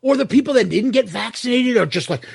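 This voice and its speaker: A man's voice: very high voice, animated, fast, vocal fry, slightly rough, no room sound, clean studio sound. A man co-hosting a podcast in casual, profane chat, often laughing and mimicking angry commenters. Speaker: podcast co-host.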